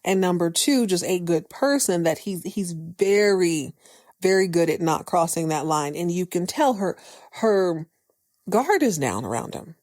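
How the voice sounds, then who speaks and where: A woman's voice: lowish voice, animated, a little slow, a little mellow, no room sound, studio quality. A woman hosting a podcast, recapping a TV episode in a casual, playful way with slangy jokes and asides. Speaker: podcast host.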